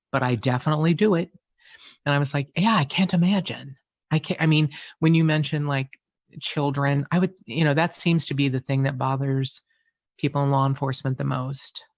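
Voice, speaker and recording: A woman's voice: a bass voice, dry recording, highs cut off. A woman who hosts a true crime podcast, talking as a guest in a candid interview, frank and emotional, self-deprecating and swearing casually.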